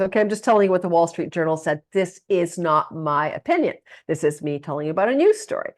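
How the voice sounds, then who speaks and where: A woman's voice: fairly low pitch, no room sound. A woman astrologer talking through the week ahead in a casual, digressive monologue, with plenty of fillers and asides.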